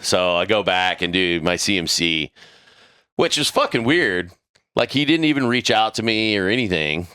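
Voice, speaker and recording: Middle-aged guy on a podcast, low bright voice, swearing constantly, acting out everybody in the story, dry close mic. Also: normal speed, smooth, dry recording. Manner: profane, animated, acts out the voices of people in his story. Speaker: podcast crew member telling a story. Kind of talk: casual storytelling chat.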